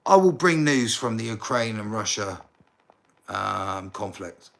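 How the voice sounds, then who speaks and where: A man from England, chatting casually on a live stream, rambling and halting, often calling the viewer mate. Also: fairly low pitch, animated, vocal fry. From southern England. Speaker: livestreamer.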